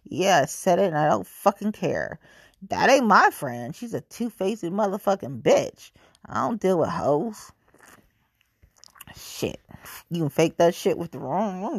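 A woman's voice: mid-range voice, vocal fry, breathy edge, dry recording, clean studio sound. A woman venting in a profane, exasperated monologue.

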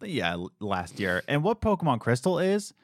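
A young man co-hosting a podcast, telling animated stories in casual chat and acting out the people he quotes. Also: mid-range voice, normal speed, dry recording. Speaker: podcast co-host.

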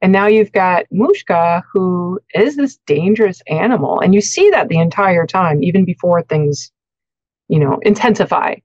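A woman's voice: lowish voice, lively intonation, moderate pace, a little mellow, dry recording. Enthusiastic woman host, dull dry mic. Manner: enthusiastic, gushing. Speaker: podcast co-host. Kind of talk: casual interview chat.

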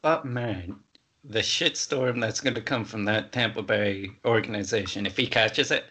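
A young man co-hosting a casual debate, calm and teasing as he pushes back. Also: lowish voice, moderate pace. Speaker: co-host.

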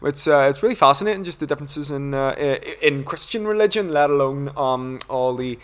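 A man's voice: medium pitch, a little fast. A man from Northern Ireland with a Northern Irish accent, a podcast guest chatting casually and explaining things in a rambling, lecturing way. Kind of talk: casual conversation.

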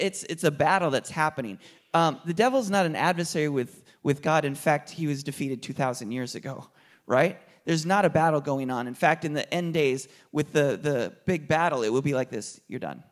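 A man preaches to a congregation in an easy, conversational sermon style, joking along the way. His voice sits a little high for a man, and he climbs to loud, passionate peaks as he presses his point. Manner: conversational preaching with jokes and rising intensity. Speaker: pastor.

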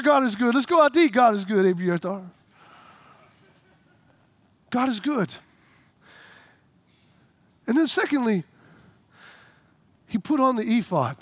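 Middle-aged male pastor delivering an animated sermon, very high register, dry recording. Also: no echo. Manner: animated preaching, rising to shouts.

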